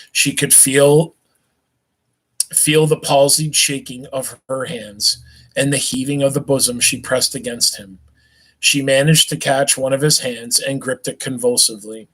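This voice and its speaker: A man's voice: medium pitch, a bit bright, slightly rough, poor audio. Man reading a novel aloud live. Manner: unhurried reading with slips and restarts, asides to listeners. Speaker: reader.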